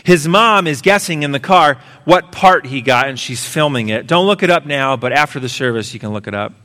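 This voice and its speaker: High-pitched male preacher in a reverberant hall. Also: animated, fairly quick, sharp tone. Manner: emphatic preaching, voices the boy and mom in a story. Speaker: pastor. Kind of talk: sermon. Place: church sanctuary. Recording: long reverb of a large hall.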